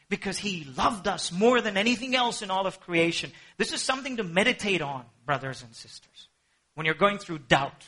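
High bright-voiced husky preacher man. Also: moderate pace. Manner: animated preaching, swinging between hushed and emphatic. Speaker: pastor. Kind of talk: sermon.

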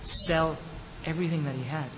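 A man preaching a sermon as pastor of his church, impassioned, with sudden loud peaks and hushed drops. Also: fairly high pitch, fairly even intonation, normal speed, noisy background. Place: church sanctuary. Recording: long hall reverb, faint ambience.

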